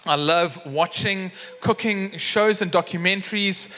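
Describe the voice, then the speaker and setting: A man's voice: high-pitched, unhurried, bright, forceful tone. A man preaching a sermon, telling a story with acted voices and lots of fillers. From South Africa. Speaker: pastor. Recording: long hall reverb.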